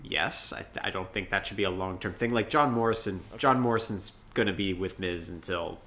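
A man co-hosting a casual podcast, giving firm opinions in a deliberate way. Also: low-pitched, fairly bright tone. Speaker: podcast co-host. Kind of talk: casual wrestling podcast chat.

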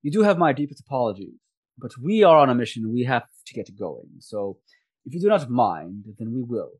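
A man's voice: medium pitch, very animated, fairly quick, darkish tone, husky. A man doing a polite hobgoblin soldier. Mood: apologetic. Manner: courteous, formal.

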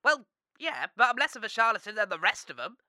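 A woman's voice: medium pitch, very animated, fast, pushed and bright, no room sound, clean studio sound. A woman playing a brutally honest fortune teller who talks matter-of-factly and then wails mock-mystic chants in a comedy radio sketch. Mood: blunt.

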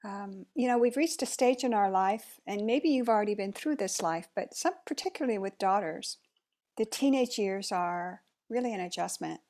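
A middle-aged woman chatting casually, reflective and unhurried, with soft laughs. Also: medium pitch. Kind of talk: casual chat.

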